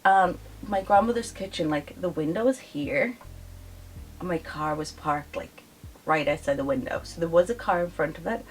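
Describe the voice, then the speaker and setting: A young woman telling a story to her vlog audience in casual, animated chat, full of "like" fillers. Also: low-pitched, normal speed, a little hiss or hum, low-quality recording. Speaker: vlogger. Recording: voice a bit off-mic, faint music behind.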